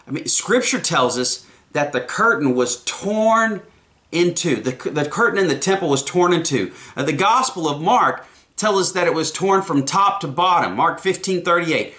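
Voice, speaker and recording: A man's voice: fairly high pitch, animated, moderate pace, bright, forceful tone. A man preaching a sermon, earnest, often repeating the first words of a phrase.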